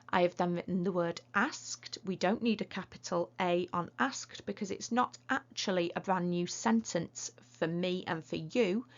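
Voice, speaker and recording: Patient British woman teacher, lower voice. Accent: British English. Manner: patient, clear explaining with a playful touch. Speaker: primary school teacher. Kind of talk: dictation lesson for children. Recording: slightly muffled lo-fi recording.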